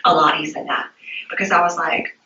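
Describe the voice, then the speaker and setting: A woman's voice: fairly low pitch, steady tone, fairly quick, bright, forceful tone. A woman recounting events to a detective in a police interview, hesitant and stumbling, repeating her words. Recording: muffled roomy archive interview tape, distant.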